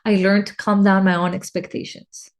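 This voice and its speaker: A woman's voice: mid-range voice, flat delivery, moderate pace. A woman life coach talking about personal needs and connection in a solo podcast, heartfelt and emotional, often restarting phrases. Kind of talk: reflective solo podcast talk.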